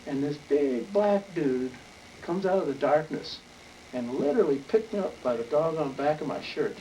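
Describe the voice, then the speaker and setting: A man's voice: a little high, expressive, normal speed, warm tone. An older man from Wyoming telling a rambling, folksy story in an oral history interview. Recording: distant mic with faint noise.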